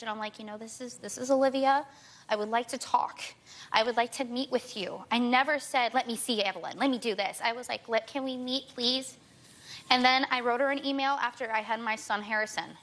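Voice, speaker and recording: A woman in her twenties, a talk show guest, rushing through an emotional personal account and repeating herself as she pleads her case. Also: on the high side, a bit bright.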